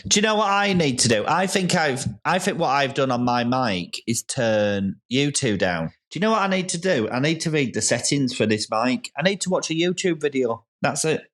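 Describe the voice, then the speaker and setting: A man hosting a casual podcast chat, talking loudly and excitably, rambling with lots of restarts. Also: mid-range voice, moderate pace, hardly any pauses. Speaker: podcast host and comedian.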